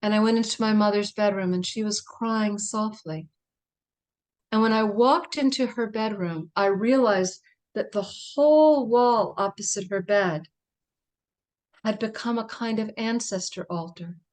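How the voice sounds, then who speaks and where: Soft-spoken woman telling a personal story. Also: medium pitch, measured pace. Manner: reflective, intimate storytelling with soft laughs. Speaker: guest speaker. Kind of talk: storytelling in a livestream conversation.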